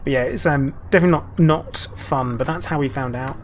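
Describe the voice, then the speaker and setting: A man's voice: medium pitch, fairly quick, a little hiss or hum. A man live-streaming a game, chatting casually in a rambling way and answering viewers' chat messages.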